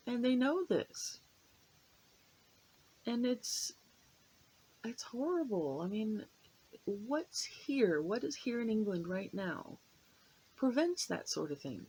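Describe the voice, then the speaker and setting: A woman's voice: mid-range voice, expressive, a little slow, pauses often, a little mellow, a little hiss or hum, low-quality recording. An American woman talking to her viewers in a rambling, hesitant way, with many fillers and restarts. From United States. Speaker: vlogger. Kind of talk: casual chat to camera.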